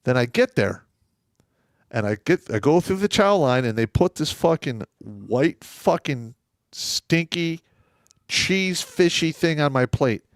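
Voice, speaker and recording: A man co-hosting a casual podcast, telling profane war stories with loud outbursts. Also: a little high, animated, takes it slowly, dry recording, clean studio sound. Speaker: co-host; former first sergeant.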